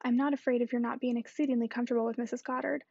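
A woman reading the lines of a confident young gentlewoman reassuring her father. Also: on the high side, level tone, rapid-fire, vocal fry, husky, no room sound, highs cut off.

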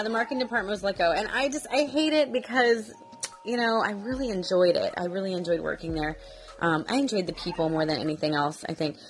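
A woman's voice: fairly low pitch, poor audio. A woman speaking casually at home, chatty, with frequent fillers and restarts, and emotional, close to tears as she reads devotional passages aloud. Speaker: vlogger. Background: vacuum running in another room.

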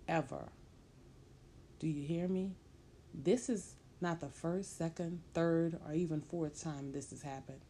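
A woman's voice: low-pitched, mellow, slight background noise. A woman voicing a fiercely protective young mother who speaks sternly and intensely.

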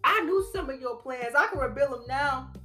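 A man's voice: extremely high pitch, animated, moderate pace, pushed and bright, soft background music, full character voice. A man voicing an angry, betrayed longtime male fan who scolds and rants in slang. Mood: ranting. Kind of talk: reading an email aloud in character.

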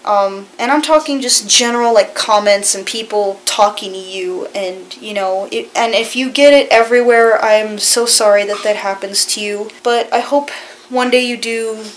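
A woman's voice: medium pitch, slight background noise, low-quality recording. A woman vlogger in casual chat, rambling earnestly and reassuringly with many filler phrases.

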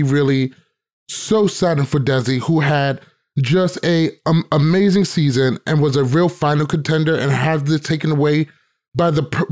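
A man's voice: on the high side, a little mellow. A man hosting a podcast, ranting emphatically and swearing freely in casual chat. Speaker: podcast host.

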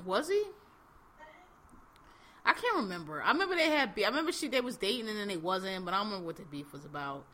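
Woman, podcast host, bright voice, blunt slangy chat, lots of fillers. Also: mid-range voice, sing-song, fast talker. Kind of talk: casual chat recapping reality TV.

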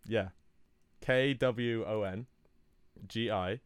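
A man telling an improvised comic story in a rambling, deadpan way, correcting himself as he goes. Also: on the low side, slow pace, clean tone, no echo. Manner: rambling, deadpan, self-interrupting.

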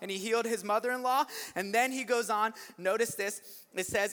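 A man preaching an energetic sermon, telling the story with animated delivery that climbs into shouts. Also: high-pitched, brisk, clear, resonant tone. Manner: animated storytelling, acts out voices, rising to shouts. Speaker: pastor. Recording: long hall reverb.

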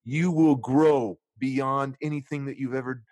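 A middle-aged man, a guest in a conversation, candidly telling a painful personal story in an earnest, emotional way, dropping low and quiet at the hardest moments and acting out his inner dialogue. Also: steady tone, a little slow, no room sound. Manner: acts out inner dialogue in different tones.

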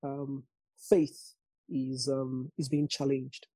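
A woman's voice: extremely low pitch, flat delivery, warm tone, slightly rough, dry recording. A woman gospel singer chatting casually in an interview, thoughtful and trailing off as she speaks. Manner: slow, thoughtful, trails off and restarts.

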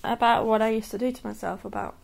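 Candid woman with a creaky voice. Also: on the high side, steady tone, fast. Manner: candid and earnest, many restarts and soft laughs. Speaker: podcast host. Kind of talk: personal monologue.

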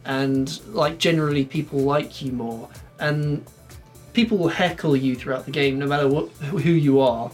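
A man's voice: on the high side, normal speed, soft background music. A man from England chatting casually on a podcast, rambling and laughing often. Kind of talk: casual chat. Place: shed studio.

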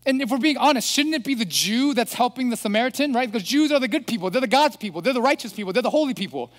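A man preaching a sermon as pastor, animated and throwing rhetorical questions at the congregation. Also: extremely high pitch, quick pace. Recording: long hall reverb.

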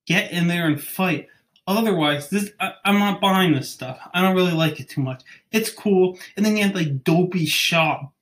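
A young man with a slightly high voice rants casually on his podcast. He rambles, restarts sentences and stumbles over names as he goes. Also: a bit bright. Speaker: podcast host. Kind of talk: casual chat.

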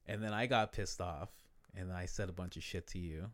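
A man chatting casually, animated and profane, often laughing and dropping from loud to quiet. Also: low-pitched, moderate pace. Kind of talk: casual chat.

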